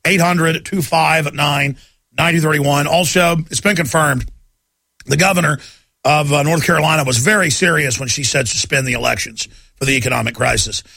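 Man, radio host, emphatic rant, dry studio sound, raised pitch. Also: moderate pace, gravelly, sharp tone, no room sound. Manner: ranting, emphatic, many restarts. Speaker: radio talk show host. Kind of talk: talk radio monologue. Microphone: studio microphone.

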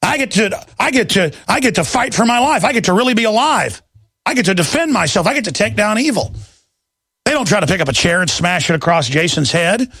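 A man's voice: high-pitched, expressive, a little fast, a bit bright, husky, dry recording. A man hosting a talk show, ranting furiously and hurling insults. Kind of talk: angry talk show rant.

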